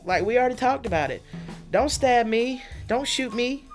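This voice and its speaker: A woman doing a stand-up comedy set in a studio, animated and chatty, laughing often through her lines. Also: a little high, normal speed, soft background music. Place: studio under lights.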